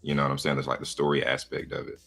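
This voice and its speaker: A man with an extremely deep, low voice musing unhurriedly about films. He hedges and trails off as he works through his thoughts, with faint music behind him. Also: monotone, rapid-fire, bright, forceful tone. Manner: hesitant, hedging, thinking aloud. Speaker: co-host. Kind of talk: casual movie discussion.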